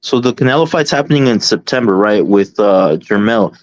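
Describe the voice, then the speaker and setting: A man's voice: on the low side, lively intonation, normal speed. A man hosting a heated boxing panel chat, arguing back, repeating himself and restarting sentences. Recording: dull lo-fi call audio.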